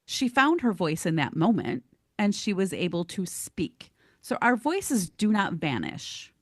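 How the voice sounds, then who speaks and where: A woman co-hosting a podcast, telling stories in an animated, casual way and laughing easily. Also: mid-range voice, unhurried, no echo, studio quality. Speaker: podcast co-host.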